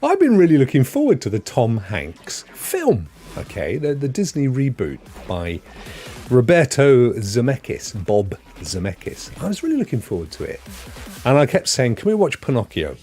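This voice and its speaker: A man's voice: medium pitch, huge pitch swings, moderate pace, mellow, soft background music. A British man hosting a casual live-stream about gaming, chatty and rambling, reading the chat aloud and laughing often. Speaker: gaming show host.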